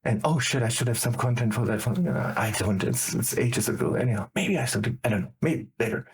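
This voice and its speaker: A middle-aged man with a German accent, a guest in casual chat who rambles excitedly from tangent to tangent. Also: mid-range voice, brisk, breathy edge.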